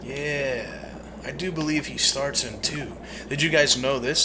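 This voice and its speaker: A man's voice: mid-range voice, unhurried, heavy background noise. A man giving casual, joking and profane commentary while he streams a game. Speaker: gaming streamer. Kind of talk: casual let's-play commentary.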